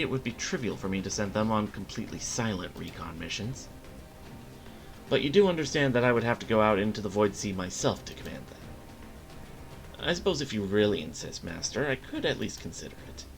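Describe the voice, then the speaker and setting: A man's voice: lowish voice, very animated, fairly quick, vocal fry, soft background music. A man voicing a haughty female commander who helps only grudgingly. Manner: haughty, condescending.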